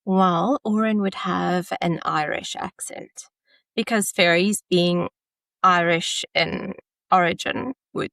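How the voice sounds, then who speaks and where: Brief: woman author, interview guest, gravelly relaxed voice, dry sound. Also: fairly low pitch, slow pace, dry recording. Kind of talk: casual interview chat.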